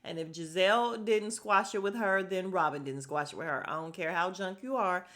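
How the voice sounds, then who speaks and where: A woman's voice: lowish voice, moderate pace, a bit bright. Blunt, exasperated woman podcaster. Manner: chatty, blunt and exasperated, with sighs and laughs. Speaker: podcast host reviewing a reality show. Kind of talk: casual recap commentary.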